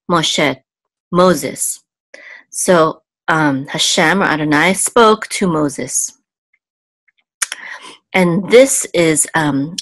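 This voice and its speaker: Lowish-voiced woman teaching hebrew slowly letter by letter, dry close sound. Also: a bit bright, dry recording. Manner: patient, explains letter by letter with fillers. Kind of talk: online language lesson.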